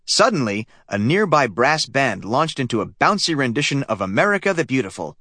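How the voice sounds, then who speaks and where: A man narrating a children's audiobook in a lively storytelling manner. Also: mid-range voice, brisk, hardly any pauses, no room sound, studio quality. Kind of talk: scripted narration.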